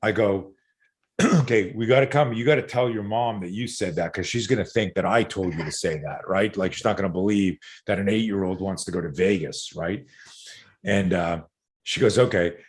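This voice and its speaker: A middle-aged self-defense coach, appearing as a podcast guest, tells stories animatedly, swearing casually and filling his speech with fillers. He has a low voice and speaks at a moderate pace.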